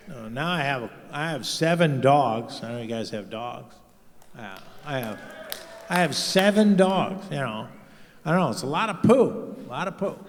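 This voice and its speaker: A male stand-up comedian rambles through a crude set in an average-pitched voice, leaning on "you know" between lines. He is heard on a handheld mic in a live show with a long, hanging reverb. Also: animated, normal speed. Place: live stage show in a large venue. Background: audience laughter.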